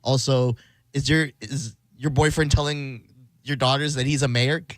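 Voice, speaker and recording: A man's voice: mid-range voice, fairly even intonation, moderate pace, no echo. A man hosting a radio show, rambling through a family story in a casual on-air chat and laughing as he talks. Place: radio studio.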